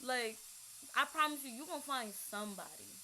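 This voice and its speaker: A woman's voice: on the high side, very animated, moderate pace, pushed and bright, rough recording. A woman in her twenties ranting casually to camera at home, rambling with slang and lots of fillers. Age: 20s. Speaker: vlogger. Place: room at home with a hissing radiator. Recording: faint radiator hiss behind.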